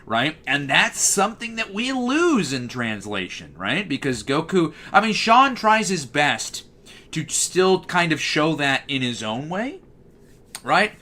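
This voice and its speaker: A man with a bass-baritone voice, casually chatting on a livestream and answering messages from chat. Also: sharp tone. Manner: talkative, answers chat messages as they come in. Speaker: livestream host.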